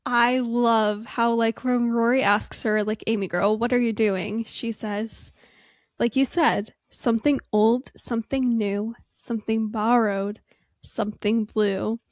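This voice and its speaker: An enthusiastic young woman chats casually as a podcast co-host in a fairly high voice. The sound is dry and close, with no room around it. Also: fairly even intonation, measured pace, dry recording. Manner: agreeable, enthusiastic, uses like often. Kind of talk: casual chat.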